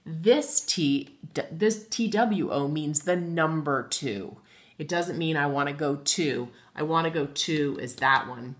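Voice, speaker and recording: A woman teaching a phonics lesson to young children, spelling out letters slowly and thinking aloud as she goes. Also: low voice. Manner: patient, slow spelling out of letters; chatty, thinks aloud with fillers.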